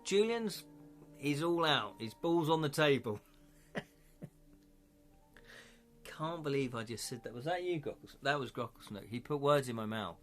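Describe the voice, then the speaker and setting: A man's voice: medium pitch, animated, measured pace, long pauses, soft background music. A British man hosting a live interactive gamebook stream, narrating and calling for chat votes in a playful, jokey way. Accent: British English.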